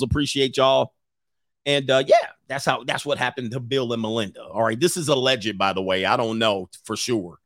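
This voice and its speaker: A man's voice: mid-range voice, no room sound, clean studio sound. A man hosting a casual livestream, telling stories with lots of laughter and reading viewer comments aloud. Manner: animated storyteller who laughs often. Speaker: host of a livestream show.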